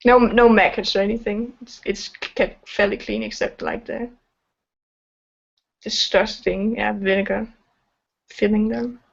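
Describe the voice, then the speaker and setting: A woman's voice: medium pitch, steady tone, measured pace, creaky, long pauses, breathy edge. A woman narrating as game master of a tabletop game, hesitant and full of fillers. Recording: dull lo-fi sound.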